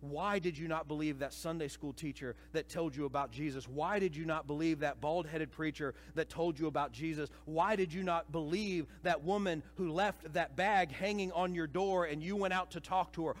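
A man preaching a sermon to a church congregation, dramatic, swinging between hushed and loud passages and acting out voices. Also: fairly high pitch. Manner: acts out quoted voices. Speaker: pastor. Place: church sanctuary. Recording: reverberant church hall.

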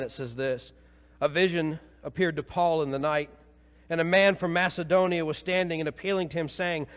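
A man preaching a sermon as pastor, swinging from emphatic peaks to quiet low passages. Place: church sanctuary. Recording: long reverb of a church hall.

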